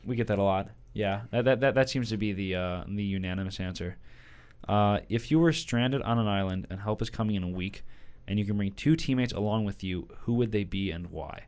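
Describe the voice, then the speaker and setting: A young man hosting a college radio podcast, chatting casually, laughing often and telling stories with rising excitement. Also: lowish voice, brisk, clear, resonant tone. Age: young adult. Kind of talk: casual interview chat.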